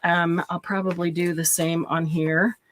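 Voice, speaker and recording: A woman's voice: fairly low pitch, little pitch movement, unhurried. A woman hosting a casual craft tutorial. She chats, giggles often and thinks aloud while she demonstrates. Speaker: craft channel host.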